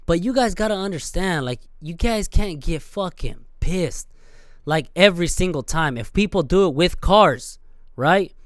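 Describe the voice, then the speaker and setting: A man's voice: high voice, measured pace, no room sound, clean studio sound. Profane young man ranting on a podcast. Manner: animated, swearing, acts out scenes with sudden loud outbursts. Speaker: podcast host. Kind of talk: profane solo rant.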